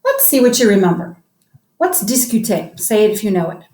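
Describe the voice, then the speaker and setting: A woman's voice: medium pitch, big pitch swings, brisk, mellow. Woman, teacher, upbeat, coaxing, call-and-response drilling, echoey room. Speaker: French teacher. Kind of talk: classroom grammar lesson.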